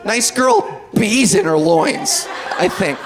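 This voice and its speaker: A woman voicing a casual acquaintance gossiping in a slow offhand drawl. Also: medium pitch, expressive, a crowd in the background, background noise. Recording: live club audience laughing.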